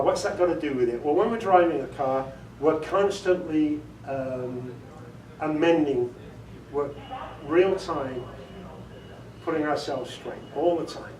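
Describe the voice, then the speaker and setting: A man giving a casual workshop talk on audiobook narration, chatty and self-amused, laughing often and demonstrating inflections. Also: on the high side. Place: meeting room before a group. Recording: echoey room, recorded from far off.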